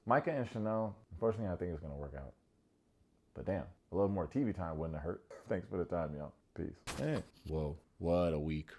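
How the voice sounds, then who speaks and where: A man with a slightly low voice gives a casual recap of a reality TV show. He talks in a chatty, animated way and speaks straight to his viewers. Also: fairly quick. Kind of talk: casual video recap commentary.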